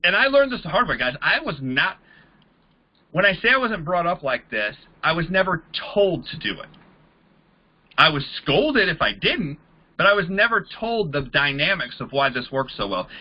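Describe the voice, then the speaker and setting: A casual man coaching network marketing recruiters, voicing both sides of the conversations he walks through. His voice sits high for a man. The recording sounds a bit dull and lo-fi. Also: big pitch swings, moderate pace. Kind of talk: training talk to a group.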